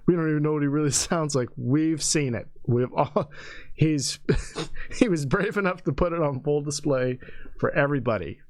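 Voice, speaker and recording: A man's voice: fairly high pitch, moderate pace, darkish tone, no room sound. A man hosting a podcast in casual chat, sarcastic and often laughing. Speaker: podcast host.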